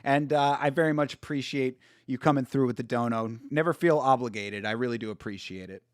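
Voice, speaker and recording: A man with a mid-range voice hosts a relaxed live stream, speaking fairly quickly as he chats with his audience. He keeps laughing and saying sorry for it. The recording is dry and of studio quality.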